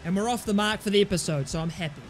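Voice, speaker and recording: A man giving excitable live commentary over his own football video game, muttering calls to teammates and then yelling at misses, with cheeky, sweary banter. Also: sits high, racing, faint music behind. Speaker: gaming YouTuber.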